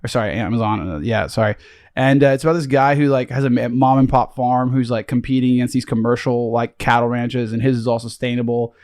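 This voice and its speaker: Laid-back, rambling young podcast co-host. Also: male voice, medium pitch, steady tone, fairly quick, a little mellow. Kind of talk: casual chat.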